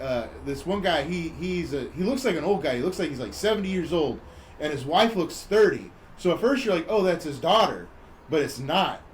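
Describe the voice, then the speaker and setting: Male podcast host, high voice, loose rambling storyteller who plays the quotes. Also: a little hiss or hum. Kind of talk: casual chat, retelling a movie plot.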